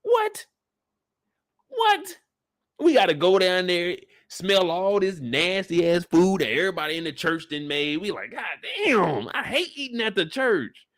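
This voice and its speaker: A man hosting a casual live after-show discussion, ranting comedically with heavy slang and swearing, and jumping into loud voices for the people he quotes. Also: sits high, moderate pace, hardly any pauses. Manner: animated, comedic rant with lots of slang and swearing. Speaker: show reaction host.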